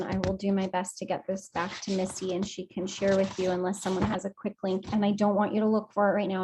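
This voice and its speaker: A woman guides an emotional release session for a group on a video call. She speaks at a slow, unhurried pace. Her manner is affectionate and encouraging, and she sits in the middle of the usual range for pitch. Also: dark tone, a little hiss or hum.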